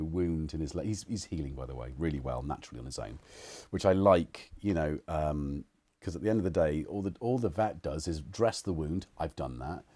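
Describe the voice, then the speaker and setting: A man's voice: sits low, dark tone, no echo. A man hosting a casual home livestream, rambling and chuckling as he chats to viewers and his cats. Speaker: livestream host. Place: living room at home.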